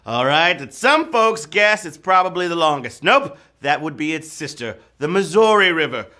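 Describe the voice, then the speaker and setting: A man's voice: fairly high pitch, lively intonation, moderate pace, sharp tone. A man hosting a live trivia game show, joking playfully and breaking into whoops and sung bits.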